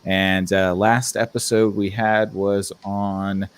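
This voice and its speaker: A man hosting a casual movie and TV podcast, talking in a relaxed, rambling way with lots of fillers. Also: fairly low pitch, takes it slowly, clean tone. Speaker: podcast host.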